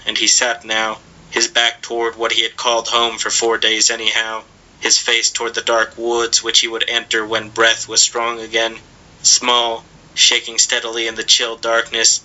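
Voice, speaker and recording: A man reading literary fiction aloud with measured, dramatic storytelling. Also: medium pitch, bright, forceful tone, low-quality recording. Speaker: audiobook reader.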